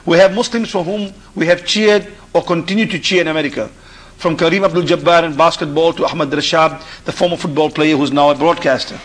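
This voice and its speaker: A man from Africa speaking as a guest on a call-in discussion show, pausing and restarting his phrases as he talks. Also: fairly high pitch, steady tone. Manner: halting, repeats and restarts phrases. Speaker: panel guest.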